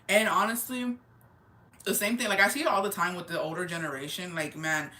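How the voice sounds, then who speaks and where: A woman in her twenties chatting casually on a livestream, slangy and animated, dropping Spanish words into her storytelling. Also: on the low side, a little fast. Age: 20s. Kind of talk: casual chat.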